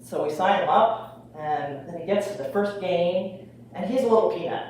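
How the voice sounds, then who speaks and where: A woman's voice: lowish voice, expressive, normal speed, a little mellow, slight background noise. An older woman telling a funny family story on stage in a chatty way, with fillers. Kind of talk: live comic storytelling. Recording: echoey room, mic far off.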